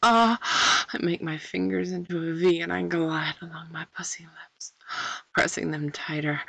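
A woman reading a first-person erotic story aloud in a sultry, breathy manner that slips into whispers. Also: fairly low pitch, steady tone, unhurried, bright, forceful tone, dry recording. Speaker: narrator.

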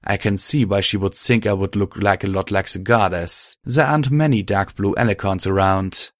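A man narrating a first-person story in a calm, even manner. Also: on the low side, moderate pace, no echo, studio quality.

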